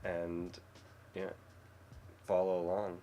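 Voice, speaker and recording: Man, lowish voice, upbeat casual co-host plugging the business. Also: completely flat delivery, slow, mellow, a little hiss or hum. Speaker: co-host of auction livestream. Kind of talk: casual livestream chat.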